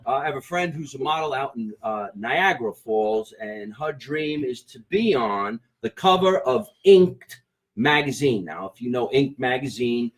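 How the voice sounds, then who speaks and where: A man's voice: medium pitch, animated, moderate pace. A man hosting a casual comedy talk show, joking and plugging sponsors, recorded into a phone. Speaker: comedy podcast host.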